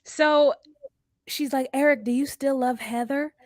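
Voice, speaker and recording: A woman's voice: high voice, steady tone, measured pace, a little mellow, no room sound, clean studio sound. A woman co-hosting a TV recap podcast, telling it in a rambling, hesitant way with giggles. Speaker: podcast co-host. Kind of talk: casual recap chat.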